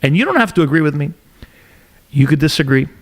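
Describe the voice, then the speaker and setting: A middle-aged man from Montreal, a podcast host telling a story in casual interview chat with animated, emphatic delivery. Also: a little high, fast. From Montreal, Canada.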